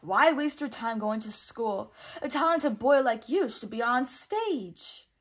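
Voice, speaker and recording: A woman voicing a sly, greedy male fox con man in a storybook, talking in a smooth, showy, wheedling way. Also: fairly high pitch, animated, slow pace, fairly bright tone, exaggerated voice. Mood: coaxing.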